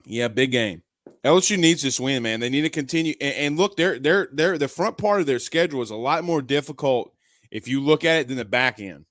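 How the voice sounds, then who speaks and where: A man's voice: medium pitch, brisk, a bit bright, no echo, clean studio sound. A man hosting a live sports talk show, chatting loosely with lots of fillers and restarts.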